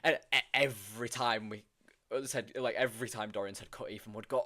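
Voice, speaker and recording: A man's voice: on the low side, moderate pace. A young man chatting casually on a stream, telling funny stories from filming, full of fillers and bursts of laughter. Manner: animated, laughing storyteller with many fillers. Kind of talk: casual chat.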